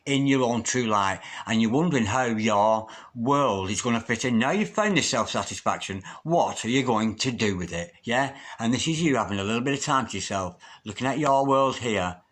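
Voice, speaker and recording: Earnest, halting male tarot reader. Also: mid-range voice, animated, fairly bright tone. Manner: earnest, halting, repeats words often. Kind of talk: spoken tarot reading to camera.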